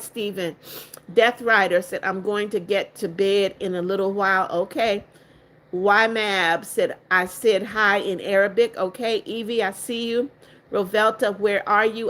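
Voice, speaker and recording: A woman's voice: mid-range voice, a bit bright. Older woman, livestream host, reads chat comments aloud, greets and blesses viewers, stern with rude ones.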